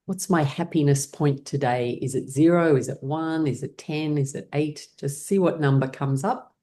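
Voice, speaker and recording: A woman teaching a laughter class, guiding listeners gently through breathing and playful laughing exercises. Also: low voice, moderate pace. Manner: gentle, encouraging guidance with playful laughter breaks.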